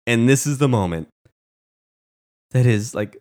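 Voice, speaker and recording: A man's voice: mid-range voice, animated, unhurried, darkish tone. A man retelling a show's story in casual commentary, passionate, indignant and emotional. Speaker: show recapper.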